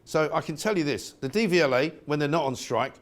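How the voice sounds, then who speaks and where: A man's voice: on the high side, animated, brisk. A middle-aged male presenter from England giving an outspoken, sarcastic opinion monologue.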